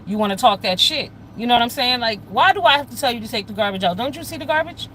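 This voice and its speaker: A woman ranting on a casual livestream, blunt, loud and profane, talking straight to her viewers. Her voice is bright and cutting, with faint traffic noise behind her. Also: on the high side, expressive, rapid-fire, poor audio. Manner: addresses chat viewers directly. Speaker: live streamer.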